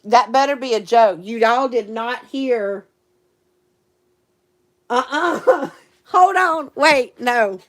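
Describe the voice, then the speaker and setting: A woman's voice: fairly high pitch, slow pace, long pauses, fairly bright tone. A woman chatting casually to a live stream audience, giggly and rambling. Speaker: livestream host and teacher.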